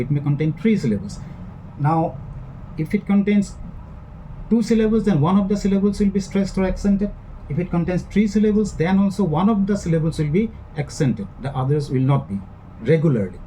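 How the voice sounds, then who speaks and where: A man giving a classroom lecture, speaking in a measured way that repeats and rephrases each point. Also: on the high side, mellow, a little hiss or hum, rough recording. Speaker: English literature lecturer.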